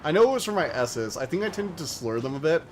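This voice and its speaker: A man's voice: a little high, big pitch swings, fast talker, slight background noise. An American man chatting loosely as he streams a game, rambling with lots of filler words. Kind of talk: casual let's-play commentary.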